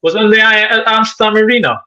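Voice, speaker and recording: A man's voice: sits high, fast, highs cut off, a crowd in the background. A man hosting a live football chat stream, reading viewer comments aloud in a chatty way. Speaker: host.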